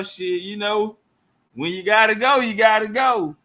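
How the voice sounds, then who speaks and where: A man's voice: high-pitched, measured pace, bright, forceful tone. A man doing loose, profane live commentary, heckling and laughing in heavy slang. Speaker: livestream commentator. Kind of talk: crude casual live commentary.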